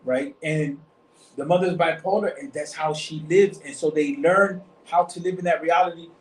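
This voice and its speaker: This man has a fairly high pitch and a moderate pace. Leading a study circle, he holds an informal religious discussion with a few people, drifting and repeating ideas and often tossing in "you see what I'm saying?" Sound is echoey with a distant mic and slight noise.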